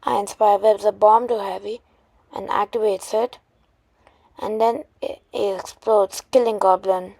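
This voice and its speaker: A woman retelling a made-up superhero story, halting often with restarts and fillers. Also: mid-range voice, fairly even intonation, creaky, dark tone, dry recording.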